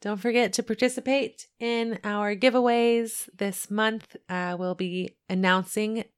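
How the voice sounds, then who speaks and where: A woman's voice: mid-range voice, steady tone, unhurried, clean tone. A woman co-hosting a podcast in playful casual chat, wrapping up the episode. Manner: playful, upbeat sign-off. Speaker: podcast co-host.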